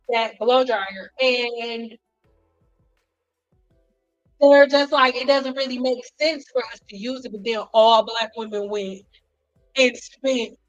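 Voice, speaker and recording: A woman hairstylist telling stories in a casual vlog, animated and acting out what people said. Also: fairly high pitch. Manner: animated, acts out quotes, frequent "like". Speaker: hairstylist vlogger. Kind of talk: casual storytelling to camera. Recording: dull lo-fi sound with faint music behind.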